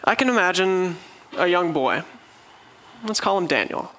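A man's voice: high voice, animated, measured pace, bright, forceful tone, a little hiss or hum, low-quality recording. A man preaching a sermon, telling the story earnestly and vividly.

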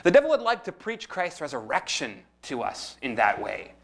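A man preaching a sermon as pastor, lively and expressive, acting out the voices he quotes. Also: mid-range voice, moderate pace, creaky.

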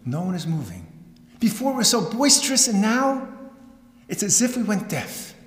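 A middle-aged man lectures like a seasoned storyteller, building suspense and dropping dry jokes. His voice sits somewhat high for a man. The sound carries the roomy, lingering echo of a large hall. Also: normal speed, faint music behind. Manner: dramatic, animated storyteller with wry asides. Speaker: rabbi and lecturer. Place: synagogue hall. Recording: echoey hall with long reverb.

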